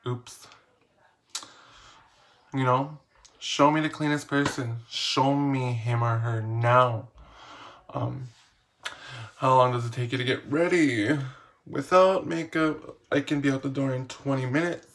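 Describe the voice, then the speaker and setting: Slow-talking playful male vlogger. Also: mid-range voice, steady tone, fairly bright tone. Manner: playful, slangy, self-mocking; reads each question aloud, then answers. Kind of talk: casual Q&A vlog.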